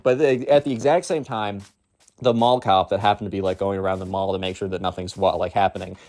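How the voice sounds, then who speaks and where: A man's voice: on the low side, a little mellow. A young man telling a story casually, rambling with lots of filler words.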